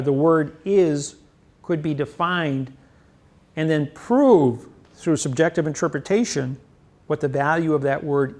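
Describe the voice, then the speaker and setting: A man lecturing on grammar, rambling emphatically and boasting about himself. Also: fairly high pitch. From United States. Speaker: seminar lecturer.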